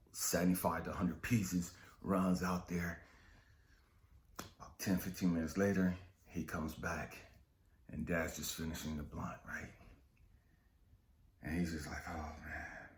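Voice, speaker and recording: A man with a very low voice tells a motivational story, casual and profane, often asking his listeners if they follow. His voice bounces around a roomy space. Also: darkish tone, a little hiss or hum. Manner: street-casual, profane, keeps asking "you know what I mean". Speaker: spiritual coach and speaker. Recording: roomy echo.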